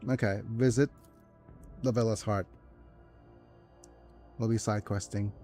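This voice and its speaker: Slow-talking man murmuring over a game. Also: fairly even intonation, soft background music. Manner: slow, hesitant, muttering through game menus; soft low-key delivery, calling it his ASMR voice. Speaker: gaming video host. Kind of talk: let's play commentary.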